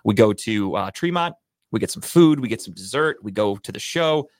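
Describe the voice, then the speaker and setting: Low-voiced man telling a story. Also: normal speed, dry recording, clean studio sound. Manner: profane, animated storyteller. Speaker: podcast co-host. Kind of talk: casual storytelling chat.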